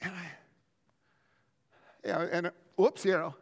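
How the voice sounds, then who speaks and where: A man preaching a sermon as pastor, telling stories in an animated way and often restarting his words. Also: high-pitched, unhurried, vocal fry, long pauses, in a large hall. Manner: animated storytelling with frequent word restarts.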